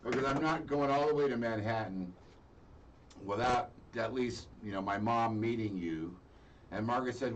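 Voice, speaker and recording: A man's voice: fairly low pitch, moderate pace. A middle-aged man telling a story in casual chat on a radio show, acting out the voices of the people in it. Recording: distant mic with faint noise.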